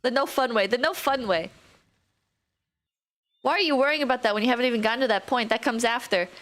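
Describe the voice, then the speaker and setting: Young woman streamer, slightly high voice; rambling, sweary, off-the-cuff chat. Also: fast talker, fairly bright tone. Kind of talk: casual live-stream chat.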